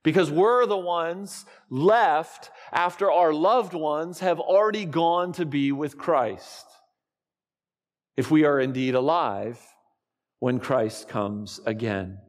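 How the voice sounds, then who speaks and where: A man preaching a sermon to his congregation, slow and deliberate, with dramatic pauses. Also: fairly high pitch, in a large hall. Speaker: pastor.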